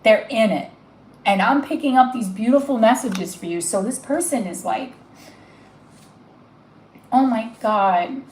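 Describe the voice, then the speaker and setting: A woman's voice: fairly high pitch, animated, moderate pace, a little mellow, reverberant, a little hiss or hum, low-quality recording. A woman giving a live tarot reading, gushing and emotional as she talks straight to the viewer. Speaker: tarot reader.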